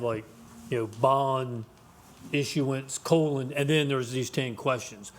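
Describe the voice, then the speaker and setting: A council member asking halting, filler-heavy questions during a county work session. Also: male voice, medium pitch, slight background noise. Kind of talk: meeting discussion.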